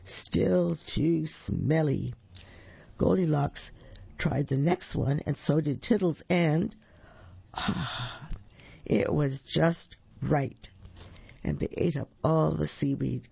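Storybook reader, very slow and gravelly, dull lo-fi dry recording. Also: medium pitch, mellow, no room sound. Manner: slow, drawn-out storytelling with sound effects. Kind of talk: reading a children's picture book aloud.

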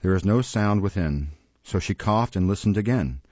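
A man reading a classic novel aloud in a measured, expressive storybook narration, recorded close and dry in a dull lo-fi recording. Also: on the low side, dry recording. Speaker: audiobook narrator.

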